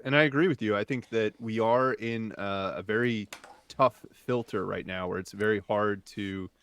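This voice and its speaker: A man speaking as a podcast guest in an earnest, measured, explanatory way. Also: lowish voice, a bit bright, clean tone. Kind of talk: casual podcast conversation.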